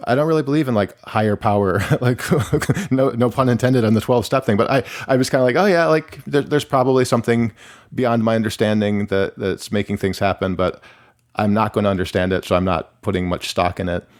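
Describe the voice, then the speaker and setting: This is a low-leaning male voice, steady and a bit quick, belonging to a middle-aged musician from Michigan, USA. Guesting on a candid interview, he wanders through his thoughts with frequent restarts, fillers, and plenty of "like"s.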